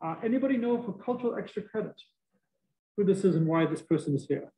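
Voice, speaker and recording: A middle-aged math professor with a Boston accent lectures at a university, animated and joking with his students. His high-pitched, quick speech is muffled by a face mask.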